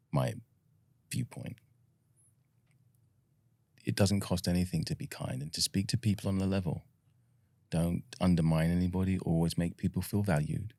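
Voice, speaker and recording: Deep gravelly British man, soft and reflective. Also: no echo. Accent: British received pronunciation. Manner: soft-spoken and reflective, pauses with ums and uhs. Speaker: actor, guest. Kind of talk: relaxed conversational interview.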